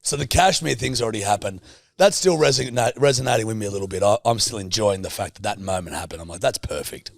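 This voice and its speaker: A man's voice: lowish voice, fast, creaky, no room sound. A man co-hosting a podcast in casual chat, teasing, swearing freely and laughing often. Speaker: podcast co-host.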